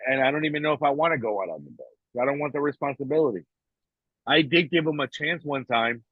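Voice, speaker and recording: A man's voice: medium pitch, lively intonation, quick pace, husky, no echo. A man talking casually on a podcast, blunt and profane, often emotional and restarting his sentences. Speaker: podcast co-host. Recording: dry, tinny phone-like sound.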